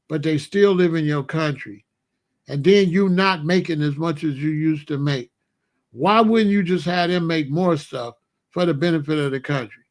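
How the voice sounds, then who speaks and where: A man with a slightly higher voice riffs in a loose, comedic monologue. He fires off rhetorical questions and breaks into chuckling asides as he talks. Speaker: host.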